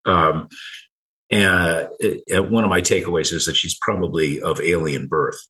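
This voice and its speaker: Man, middle-aged, very deep voice, halting speech, repeats words, storytelling in an interview. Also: steady tone, bright, forceful tone, rough recording. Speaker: guest. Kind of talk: personal story in conversation.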